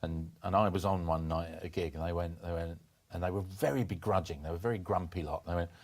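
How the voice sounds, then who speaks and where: A man in his fifties telling stories on a podcast, animated, with many restarts and bursts of laughter. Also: low-pitched, quick pace, few pauses. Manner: animated anecdote-telling, jumps into comic voices for quoted people. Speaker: podcast guest, former performance poet. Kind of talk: casual storytelling chat.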